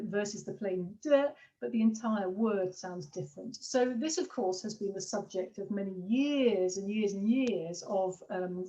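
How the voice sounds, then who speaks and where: A woman's voice: mid-range voice, dark tone. A woman lecturer giving an academic seminar talk, hesitant with many fillers. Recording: distant muffled online talk recording.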